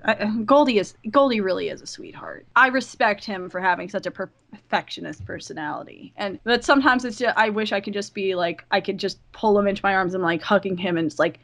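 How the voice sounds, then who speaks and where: A woman chatting casually as a podcast guest, animated and gushing, with lots of "like". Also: mid-range voice, a little fast, few pauses.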